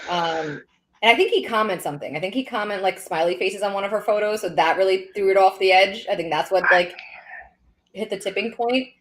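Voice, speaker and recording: A woman co-hosting a live podcast, telling personal stories in casual, animated chat. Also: mid-range voice, fairly quick, slight background noise, poor audio. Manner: animated storytelling with laughs. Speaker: podcast co-host. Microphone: studio podcast mic.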